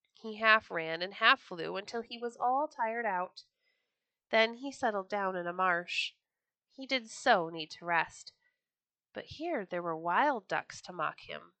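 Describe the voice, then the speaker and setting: A woman reading a children's story aloud with an expressive, gentle storytelling manner. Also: mid-range voice, no room sound.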